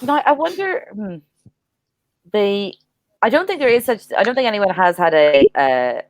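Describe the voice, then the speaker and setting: A woman with an Irish accent, chatting as a comedian on a panel show, rambling and animated. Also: medium pitch, moderate pace, no echo. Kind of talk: casual comedy panel chat.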